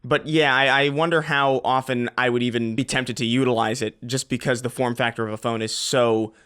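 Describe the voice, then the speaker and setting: A man's voice: medium pitch, fairly even intonation, a little fast, fairly bright tone, clean tone. A man co-hosting a casual podcast, chatting along and riffing with playful, absurd jokes. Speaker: podcast co-host.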